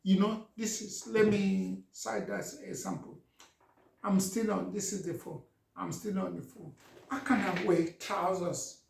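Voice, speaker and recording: A man's voice: high voice, steady tone, measured pace, vocal fry, a little mellow, roomy sound. A man, a vlogger telling a casual story and talking straight to his viewers. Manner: anecdotal, addresses viewers directly.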